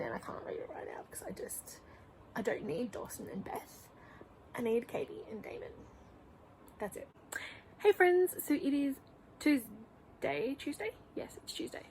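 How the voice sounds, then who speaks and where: A woman's voice: fairly high pitch, a little hiss or hum, poor audio. A young woman chatting casually in a reading vlog at home, gushing and rambling, often dropping to a whisper. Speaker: book vlogger. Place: home room.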